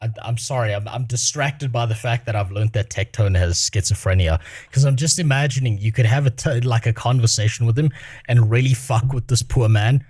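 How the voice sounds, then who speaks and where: A man's voice: mid-range voice, a little fast, darkish tone, breathy edge, no echo. A man streaming his reaction to a clip, in casual, crude, rambling talk that keeps breaking into laughter.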